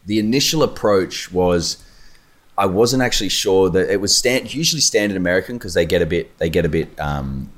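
Deep-voiced Australian man. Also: lively intonation, brisk. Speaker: actor guest. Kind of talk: casual podcast chat.

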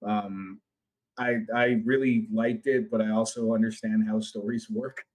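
A man co-hosting a gaming podcast in casual chat, rambling and excitable, swearing freely. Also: on the low side, a little slow, poor audio. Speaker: podcast co-host.

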